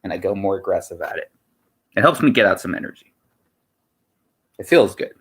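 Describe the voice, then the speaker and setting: A male streamer talks loosely to his viewers, wandering from point to point and repeating himself. His voice sits a bit low, yet it has a bright, forceful edge. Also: lively intonation, brisk, slightly rough. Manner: rambling, repeats himself, many "you know" fillers. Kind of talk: casual livestream chat.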